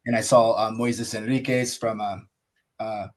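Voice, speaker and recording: A man's voice: on the low side, level tone, a little slow. An American man talking as a podcast guest, telling his story in a casual, enthusiastic, rambling way, full of "like" and "you know". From USA.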